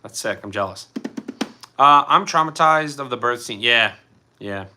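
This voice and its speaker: A man's voice: mid-range voice, expressive, a little slow, bright, forceful tone, soft background music. A man from Philadelphia with a Philly accent, hosting a casual livestream, chatting in a loose, rambling way and reading out comments. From Philadelphia, USA. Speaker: livestream host.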